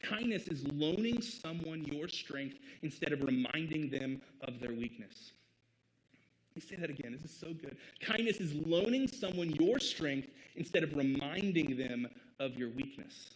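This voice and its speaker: A man's voice: on the high side, expressive, normal speed, rough recording. A man from the American Midwest preaching a sermon as pastor in an earnest, conversational way, with short laughs between points. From Midwest United States.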